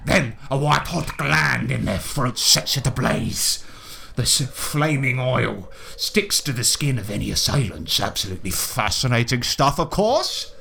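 A man's voice: medium pitch, lively intonation, measured pace, vocal fry, bright, forceful tone, a little hiss or hum, heavily acted. A man doing a swearing, pompous old-school explorer. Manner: boorish, pompous, swears constantly, stammers. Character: blustering foul-mouthed male explorer and zoo owner.

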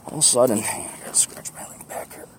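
A man's voice: fast, a little hiss or hum. A man hosting a podcast, rambling casually and self-deprecatingly while walking outdoors to the bus, laughing often. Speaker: podcast host. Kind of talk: rambling walk-and-talk monologue.

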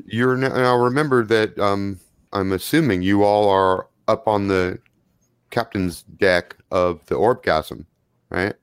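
A man narrating a tabletop role-playing game as game master, in a relaxed, loose way with plenty of fillers. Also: lowish voice, slow, smooth, dry recording.

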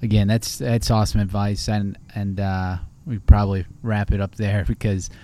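Mellow low-voiced male host. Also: level tone, moderate pace, slight background noise. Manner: easygoing, hesitant questions with fillers. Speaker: podcast host. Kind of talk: casual podcast interview.

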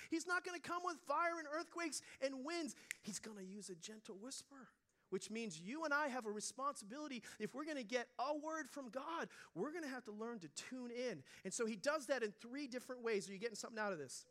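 A middle-aged man preaching a sermon in a conversational storytelling way, dropping to a hush and then rising loud. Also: sits high. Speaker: pastor.

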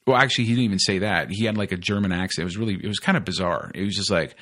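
A man's voice: deep voice, very fast, a bit bright. A man hosting a podcast, telling a long story in a rambling, casual way with lots of fillers, restarts and swearing. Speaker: podcast host.

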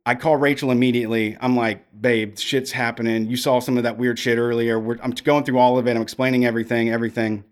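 A man's voice: mid-range voice, flat delivery, fast, hardly any pauses. A man telling long personal stories on a podcast, frank and profane, rambling with restarts. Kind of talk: casual storytelling.

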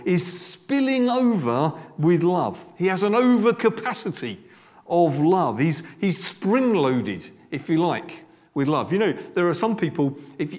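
An older English man preaches in a lively, emphatic way, his voice rising and falling a great deal and sitting a little high. He often doubles his words and slips in asides. The sound carries a long reverb from a large church hall. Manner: animated, emphatic, with frequent repeated words and asides. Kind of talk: sermon.

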